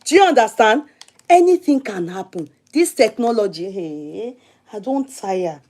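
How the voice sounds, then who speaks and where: A woman with a Nigerian accent, hosting a show and telling a long personal story in a casual, chatty, animated way, repeating herself for emphasis. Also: medium pitch, a little slow. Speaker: show host.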